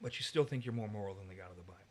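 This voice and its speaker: A man's voice: fairly low pitch, racing, darkish tone. A man leading a teaching discussion on the Bible, arguing his points emphatically. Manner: emphatic, argumentative.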